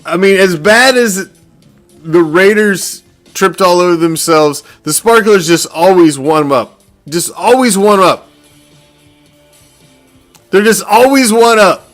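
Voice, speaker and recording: A man's voice: sits high, lively intonation, a little slow, long pauses, a bit bright. A man hosts a football fan reaction show, talking in a slightly raised voice. He swears freely and gloats, laughing as he rants. Faint music plays behind him. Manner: profane, gloating, laughing often. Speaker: sports podcast host.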